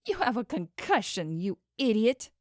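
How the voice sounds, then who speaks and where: Woman doing a high teary heroine, begging, slow and lively. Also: dry recording, studio quality. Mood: incredulous. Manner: pleading, tearful, high-pitched. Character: distraught young woman investigator, pleading.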